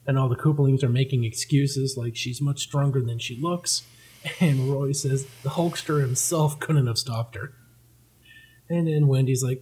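Male host, husky voice, casual comic read-through with a laugh. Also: medium pitch, fairly even intonation, normal speed, darkish tone, poor audio. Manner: laughing, joking commentary.

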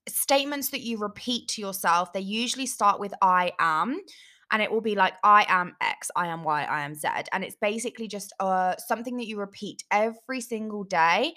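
A woman's voice: mid-range voice, pushed and bright. A young woman hosting her podcast in a chatty, self-mocking way, laughing often. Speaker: podcast host. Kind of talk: casual chat.

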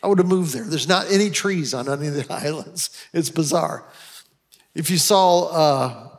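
High-voiced American pastor telling stories. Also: male voice, moderate pace. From United States. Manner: storytelling, emotional, with many restarts. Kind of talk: sermon with personal stories.

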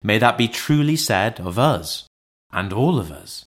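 A man narrating a classic audiobook in an expressive, theatrical way. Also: on the low side, a little slow.

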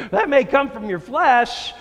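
A male pastor delivering a sermon, preaching slowly and emphatically with drawn-out phrases. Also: very high voice, big pitch swings, fairly bright tone, big-room sound. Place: church sanctuary.

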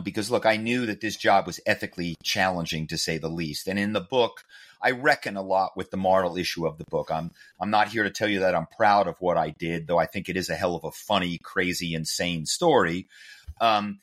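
Low-voiced man telling lively stories. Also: fairly quick. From Philadelphia area. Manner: animated, self-amused storyteller. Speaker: guest, author and former corporate spy. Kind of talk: conversational interview storytelling.

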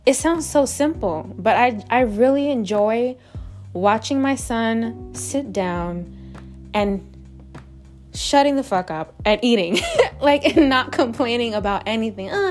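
A woman's voice: fairly high pitch, expressive, slow pace, darkish tone, soft background music. A woman host telling a personal story in a candid, chatty way, with frequent swearing. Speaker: podcast host. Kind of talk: casual storytelling monologue.

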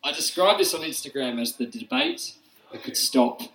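A man co-hosts a live podcast in front of an audience, loud and joking, swearing casually. His voice is bright and a little high, and it rings in an echoey room with faint noise behind. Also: sing-song, normal speed. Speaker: podcast co-host.

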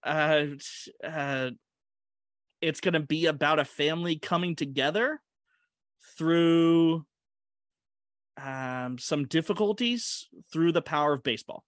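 Chatty, higher-voiced man co-host. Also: slow pace, pauses often, no echo, studio quality. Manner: chatty and hesitant, with frequent restarts and laughs. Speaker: podcast co-host. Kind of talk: casual movie-discussion chat.

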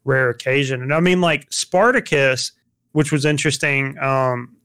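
A man's voice: mid-range voice, moderate pace, fairly bright tone. A young man chatting casually about films, rambling with lots of fillers and restarts.

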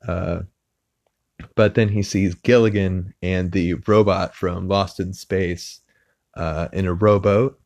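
A man's voice: low-pitched, fairly even intonation, slow, vocal fry, darkish tone, no echo. A man hosting a podcast, casually recapping a TV episode with many filler words and restarts. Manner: rambling, lots of "uh" fillers. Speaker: podcast host. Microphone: podcast mic.

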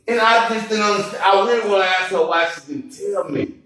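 A man telling a crude story to friends in casual chat, animated and loud at times. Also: sits high, brisk. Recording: echoey room, distant mic.

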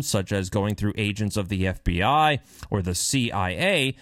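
A man's voice: fairly high pitch, no echo, clean studio sound. A man giving heated, sarcastic political commentary while reading and remarking on news.

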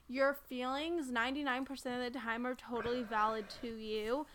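High-voiced woman, earnest and supportive. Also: little pitch movement, moderate pace, few pauses, fairly bright tone. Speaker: podcast co-host. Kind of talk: casual chat.

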